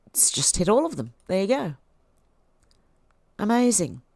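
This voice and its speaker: A woman's voice: medium pitch, big pitch swings, unhurried, a little mellow, dry recording. A woman hosting a livestream, reading posts aloud and reacting in a chatty way. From Australia. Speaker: livestream host.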